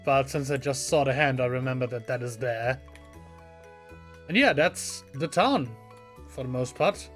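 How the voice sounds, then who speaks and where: A man's voice: mid-range voice, unhurried, pauses often, fairly bright tone, soft background music. A man giving casual, chatty let's play commentary with a self-deprecating streak, reading game lines aloud. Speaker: gaming channel host.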